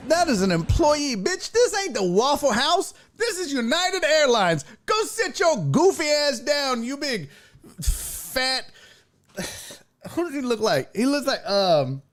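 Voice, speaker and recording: A young adult man hosting a live stream, telling stories in an animated, profane way and acting out the people in them. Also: very high-pitched, takes it slowly. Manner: animated storytelling with profanity and acted-out voices. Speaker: streaming show host. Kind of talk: casual live-stream chat.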